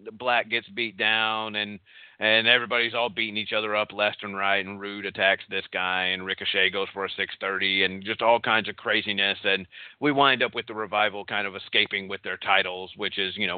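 A man's voice: lowish voice, dry recording. A man from Texas hosting a casual wrestling recap, talking in a rambling way with lots of fillers and restarts. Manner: rambling, filler-heavy, self-correcting. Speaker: podcast host. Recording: tinny phone-like line.

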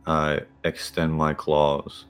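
A man playing in a tabletop game, describing his character's actions in a plain, measured way. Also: rumbling low, monotone, a bit bright, smooth. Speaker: player.

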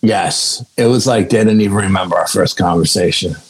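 A man telling a story in casual talk, animated and swearing freely, acting out the dialogue. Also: low-pitched, brisk, husky, rough recording. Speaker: guest, paranormal investigator.

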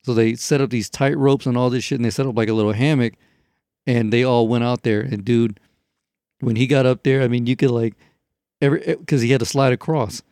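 A man's voice: mid-range voice, brisk, no room sound, clean studio sound. A man telling a story in casual chat, rambling and profane, with lots of fillers. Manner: rambling, profane, animated retelling with many fillers.

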